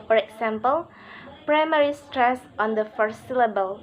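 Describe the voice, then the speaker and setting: A woman's voice: a little high, normal speed, faint music behind, low-quality recording. A woman presenting a pronunciation lesson, reading it aloud carefully and moving on with "okay, next". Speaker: student presenter.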